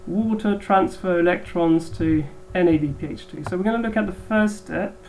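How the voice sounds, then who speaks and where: A woman's voice: on the low side, moderate pace, a little mellow, a little hiss or hum, rough recording. A woman biology teacher giving a recorded lecture, hesitant with frequent ums.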